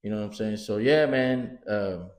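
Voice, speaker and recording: A man's voice: lowish voice, moderate pace. A middle-aged man co-hosting a podcast, telling family stories in casual chat, swearing often and acting out what people said. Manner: animated storyteller, swears often, acts out quotes. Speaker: podcast co-host. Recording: roomy echo.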